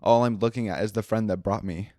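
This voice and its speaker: A man's voice: lowish voice, dry recording, clean studio sound. A young man hosting a podcast in casual chat, talking with a nasal tone and leaning hard on his words to show how he feels. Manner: emphatic, expressive, with lots of laughing asides. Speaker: podcast host.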